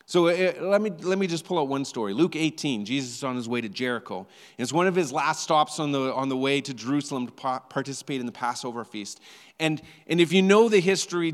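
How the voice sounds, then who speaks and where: A male pastor giving a sermon in a conversational, animated storytelling way, often repeating words as he goes. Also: medium pitch, in a large hall.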